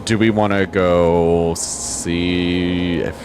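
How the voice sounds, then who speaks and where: A man's voice: deep voice, little pitch movement, extremely slow, a little mellow, slight background noise. A man playing a tabletop game, joking around as his character in casual, playful banter. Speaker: player. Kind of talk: casual tabletop role-play.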